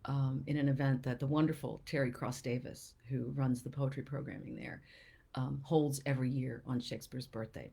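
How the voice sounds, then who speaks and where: A woman with a low, husky voice hosts a live poetry show, talking and reading verse aloud. She lets phrases sink into soft, breathy near-whispers, then lifts brightly. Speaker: poet and show host.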